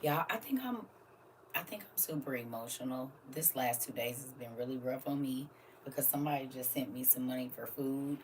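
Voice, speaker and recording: A middle-aged woman chatting casually to viewers on a live stream, emotional and animated, laughing often and swinging from quiet musing to loud exclamations. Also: a bass voice, fairly quick, a little hiss or hum. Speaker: livestream host.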